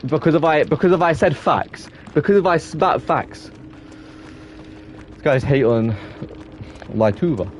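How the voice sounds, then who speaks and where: A man's voice: fairly high pitch, expressive, unhurried, pauses often, a little hiss or hum. A young man with an English accent chatting casually with his viewers while streaming a game, rambling on and restarting his sentences. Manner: rambling, self-admitted waffling with many restarts. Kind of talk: casual gaming stream chat.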